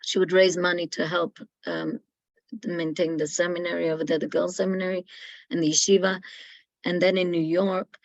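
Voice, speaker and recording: A middle-aged woman tells a family story with a low, gravelly voice. The sound is dry and close. She switches into louder, higher voices when she quotes the people in her story. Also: no echo, dull audio. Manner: acts out quoted voices, loud and high when quoting. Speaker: guest speaker. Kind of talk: storytelling talk.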